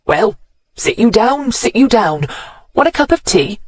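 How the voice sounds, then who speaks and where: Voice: medium pitch, sing-song, measured pace, no room sound, voice pushed up. An audiobook narrator voicing a grumpy old countryman with a rural English accent, aggrieved and blunt. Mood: gruff, aggrieved. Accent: English West Country rural. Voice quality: rural dialect, sneering then cracking. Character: grumpy old countryman grieving his cat.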